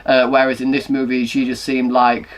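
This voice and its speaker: A young man hosting a casual film review chat, talking quickly and hedging his opinions as he goes. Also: medium pitch, completely flat delivery. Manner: fast-talking, hedging, self-correcting. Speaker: movie reviewer, host.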